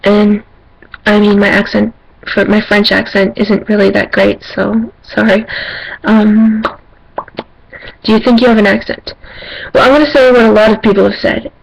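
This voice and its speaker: A woman's voice: medium pitch, flat delivery, normal speed, creaky. A young Canadian woman in a casual home vlog, reading a passage aloud and then answering questions in a plain, slightly hesitant way with fillers, recorded on a camera resting on her knees. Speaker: vlogger. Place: at home, seated without a table. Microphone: camera's built-in mic, camera resting on her knees. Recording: dull lo-fi camera audio.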